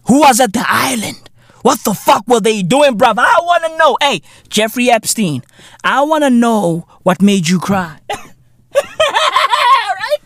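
A man's voice: very high-pitched, lively intonation, a little slow, a bit bright, no echo. A man hosting a podcast in a comedic rant, profane and boastful, full of slang and laughing at his own jokes. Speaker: podcast host.

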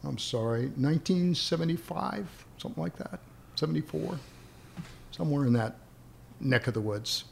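A man's voice: fairly high pitch, expressive, normal speed, vocal fry, a little mellow, slight background noise. A man, an interview guest, telling long rambling anecdotes and chuckling as he remembers them. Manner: rambling, chuckling as he recalls stories. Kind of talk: anecdotal storytelling.

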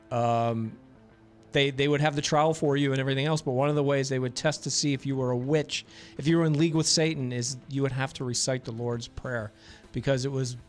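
Chatty mid-pitched radio co-host, man. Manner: chatty, laughing. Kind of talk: casual radio chat. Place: radio station studio.

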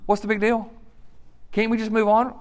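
A man voicing an impatient adult who wants to be forgiven quickly, with a whiny, pushy, exasperated manner. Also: high-pitched, flat delivery, clear, resonant tone, long reverb tail, voice pushed up, lightly acted.

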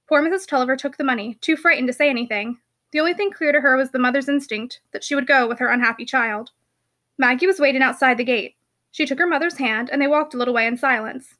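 Woman, audiobook narrator, classic novel, steady expressive reading, high pitch, bright tone. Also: fast talker. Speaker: audiobook reader.

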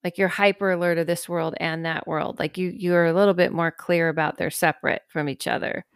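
Low, smooth-voiced woman hosting a podcast. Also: brisk, dry recording, studio quality. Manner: rambling, filler-heavy talk with lively acted-out quotes. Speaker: podcast host. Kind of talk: casual podcast chat.

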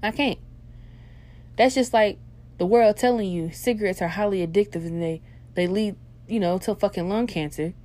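A woman hosting a casual monologue, blunt and heavily profane, swinging into loud, animated rants. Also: mid-range voice, normal speed.

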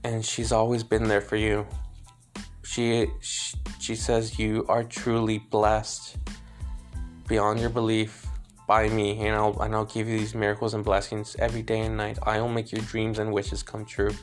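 A man with a fairly low voice talks as a psychic medium, relaying messages in a gentle, stop-and-start way. He repeats himself and laughs softly between thoughts. Faint music plays behind him. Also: monotone. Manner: gentle, halting, repeats words often; emotional, laughs between lines. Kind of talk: spirit reading, relaying messages.

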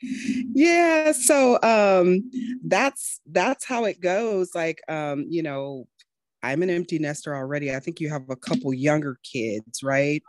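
A woman's voice: low voice, slow pace, darkish tone, no room sound. A middle-aged woman doctor hosting a healthcare podcast, chatty and encouraging. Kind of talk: podcast chat and scripted intro.

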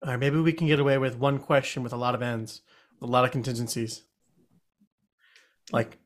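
A man playing a tabletop game online, thinking aloud through a riddle with puzzled, animated talk. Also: mid-range voice, brisk, pauses often. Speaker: player.

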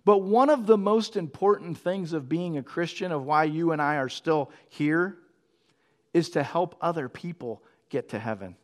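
A middle-aged man preaching a sermon with a slightly high voice. He talks to the congregation conversationally and drifts into quick storytelling asides. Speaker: pastor.

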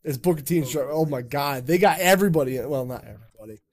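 A man's voice: fairly high pitch, fast. Loose, rambling man on a podcast. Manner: rambling, swearing, loose and jokey. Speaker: podcast host. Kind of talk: casual chat.

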